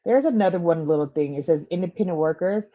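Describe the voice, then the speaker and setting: Mellow woman co-host on a dull stream. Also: fairly low pitch. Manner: reads out facts and hotline numbers slowly, greets chat by name. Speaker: podcast co-host. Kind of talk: casual livestream chat.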